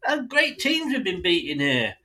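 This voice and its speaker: A man's voice: high-pitched, wildly swooping pitch, moderate pace, sharp tone, poor audio. A man hosting a football fan podcast, delivering an indignant, sweary solo rant addressed straight at his club's owners.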